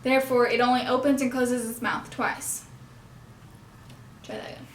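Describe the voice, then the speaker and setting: In this instructional demonstration, a young puppetry instructor explains technique at a normal speed, her voice a little high and her intonation fairly even. She stops occasionally to correct herself, and the echoey room adds slight background noise.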